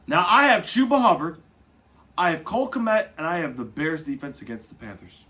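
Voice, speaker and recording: A man hosting a casual football podcast, his voice a touch higher than most men's. He talks in lively swings, some lines loud and others quiet, and corrects himself as he goes. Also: fairly quick. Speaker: podcast host. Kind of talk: casual sports podcast talk.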